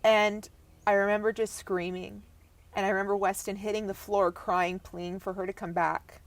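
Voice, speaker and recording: Young woman guest with a mid-height voice, halting and emotional, trailing off into near whispers. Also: mid-range voice, flat delivery. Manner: halting, breaks off and restarts, voice drops to near whisper at times. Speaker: podcast guest. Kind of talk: emotional personal storytelling.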